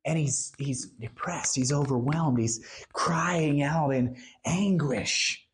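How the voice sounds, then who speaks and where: An earnest preacher talks through a sermon at a middle pitch. The delivery is emphatic and slows down on the lines meant to land. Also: slight background noise.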